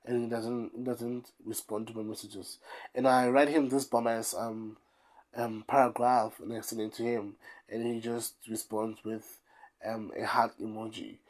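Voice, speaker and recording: Young South African vlogger, casual storytime, rambly and repetitive, mid-pitched voice. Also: level tone, measured pace. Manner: rambling, repeats phrases for emphasis. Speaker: YouTuber.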